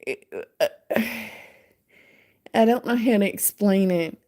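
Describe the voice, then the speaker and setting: A woman talks casually to her crochet viewers, rambling from one thought to the next. Her pace is slow and unhurried, and she reads pattern text aloud in a mid-range voice. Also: medium pitch, warm tone. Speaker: crochet channel host. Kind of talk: casual chat while crocheting live.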